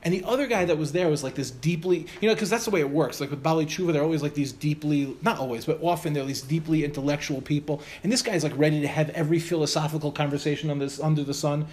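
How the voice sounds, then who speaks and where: Animated man telling a story. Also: fairly high pitch, fast, hardly any pauses. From United States. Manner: animated, acts out the voices of the people in his stories. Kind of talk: anecdotal speech to an audience.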